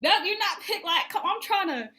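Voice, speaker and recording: A woman hosting a casual video-call talk, teasing her guest with quick asides. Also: very high voice, lively intonation, a crowd in the background.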